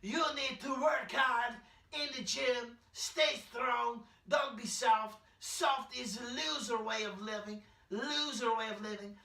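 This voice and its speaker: A man playing an eccentric immigrant male poet who speaks broken English and declaims loudly. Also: very high voice, vocal fry, echoey room, distant mic, full character voice. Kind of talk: comedy character monologue.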